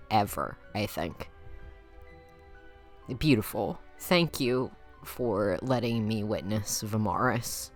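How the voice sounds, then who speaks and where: A woman with a low voice runs a teasing, mock-dramatic commentary, laughing often as she passes judgment. She speaks into a home mic with faint music underneath. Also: a bit bright. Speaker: YouTuber judging viewers' game characters. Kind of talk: playful commentary.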